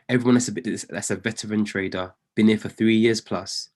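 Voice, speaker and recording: A man working as a trading coach, giving a motivational talk on a live video call. He is earnest and encouraging and repeats phrases for emphasis. He swings between loud pleading and hushed near-whispers. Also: fairly low pitch, steady tone, a little fast, hardly any pauses.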